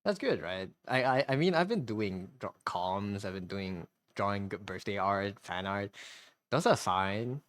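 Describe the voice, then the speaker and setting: An unhurried, lowish, a-bit-bright voice with animated delivery belongs to a man drawing on a live stream. He talks casually and hesitantly, rambling with repeated words and restarts, and the recording has no room sound.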